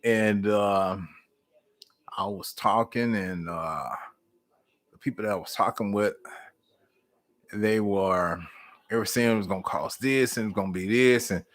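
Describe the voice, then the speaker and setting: A man's voice: lowish voice, measured pace, long pauses. A middle-aged man, hosting a live stream and chatting casually with viewers in a folksy, storytelling way. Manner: folksy, storytelling, warm Southern American speech with "y'all".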